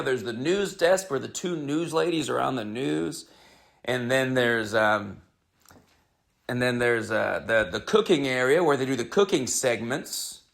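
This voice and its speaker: A man's voice: medium pitch, gravelly, fairly bright tone. Rambling wry man telling a comedy story. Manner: rambling, self-interrupting, wry asides. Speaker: comedian podcast host.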